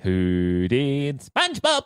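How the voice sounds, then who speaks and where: A woman in her thirties hosting a podcast, chatting casually with jokey deadpan asides. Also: extremely low pitch, slow pace, clear, resonant tone, dry recording, studio quality. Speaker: podcast host. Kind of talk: casual chat.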